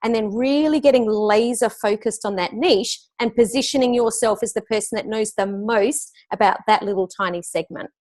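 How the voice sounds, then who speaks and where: Woman, middle-aged, slightly high voice, upbeat and emphatic, interview guest, video call. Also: normal speed, few pauses, a little mellow. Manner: upbeat, emphatic, laughs easily. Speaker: business coach guest. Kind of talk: casual interview answers.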